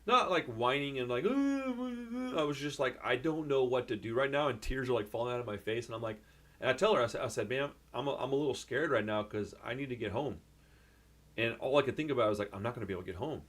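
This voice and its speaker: A young man telling a rambling, excitable story in a casual vlog, full of fillers and restarts. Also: mid-range voice, fast talker. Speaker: vlogger.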